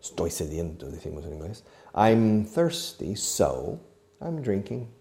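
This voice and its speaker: Gravelly, slow-talking male English teacher. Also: low voice, big pitch swings, warm tone. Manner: acts out each verb while explaining, mixes in Spanish glosses. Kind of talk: slow demonstrative language lesson.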